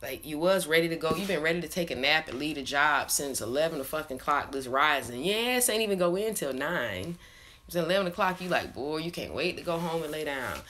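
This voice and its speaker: Low-voiced and brisk, with lively intonation and a fairly bright tone, she talks to her followers over a faint hiss or hum. The young vlogger rambles loosely through stories on camera, profane and quick to laugh.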